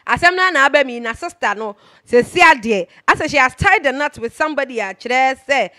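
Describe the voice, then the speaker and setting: A woman's voice: high-pitched, lively intonation, a little fast, pushed and bright. A Ghanaian woman hosting a casual gossip commentary, chatty and emphatic, switching between Twi and English. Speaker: host.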